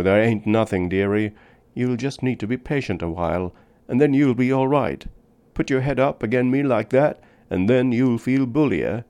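A man's voice: lowish voice, a little mellow, close to an everyday voice. A man voicing a dying frontier wanderer, weary. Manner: tender, rough folksy drawl.

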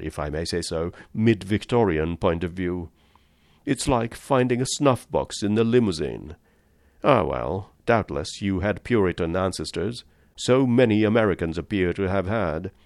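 A man's voice: on the low side, darkish tone, no echo, studio quality. A man reading the part of a polished, amused and condescending aristocratic general with cold-blooded views.

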